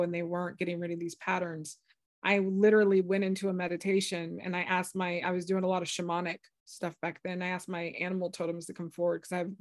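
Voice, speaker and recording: Woman telling an animated story, dry sound. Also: fairly low pitch, no room sound. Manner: animated, acts out quoted voices. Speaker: guest, healer and former psychic. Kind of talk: storytelling in conversation.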